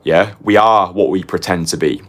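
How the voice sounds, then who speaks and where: A man's voice: low-pitched, steady tone, normal speed. A young man teaching a motivational course as a dating coach, confessional and punchy, tagging his points with "right?" and casually swearing.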